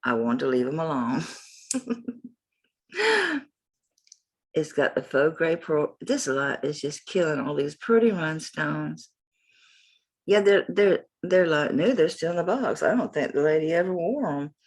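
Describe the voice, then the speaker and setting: A woman's voice: low-pitched, moderate pace, a little mellow. A woman with a Southern accent, chatting in a folksy, rambling way as she sells jewelry in a casual home vlog. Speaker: jewelry seller. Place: home, morning light.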